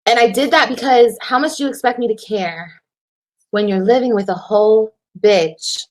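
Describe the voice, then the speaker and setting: A woman in a fairly high voice, venting on a livestream. She curses freely and hammers her points by saying them twice. Her delivery is animated and unscripted. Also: moderate pace. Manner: animated, profane, repeats herself for emphasis. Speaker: livestreamer telling her side of a breakup. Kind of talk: casual livestream storytelling.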